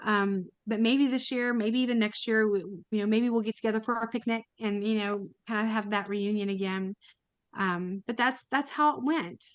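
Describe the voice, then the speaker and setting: A woman's voice: mid-range voice, steady tone, moderate pace, smooth, no room sound. Woman, podcast guest, chatty storytelling, emotional, close dry sound. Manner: chatty, emotional, many fillers and restarts. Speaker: podcast guest, kidney donor. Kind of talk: casual storytelling.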